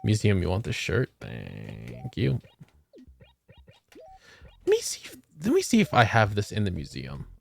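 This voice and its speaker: A man's voice: sits low, huge pitch swings, moderate pace, vocal fry, few pauses, soft background music. A man streaming a video game, chatting casually with his viewers and joking with a lot of swearing. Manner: profane, joking banter with chat. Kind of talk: casual gameplay chat.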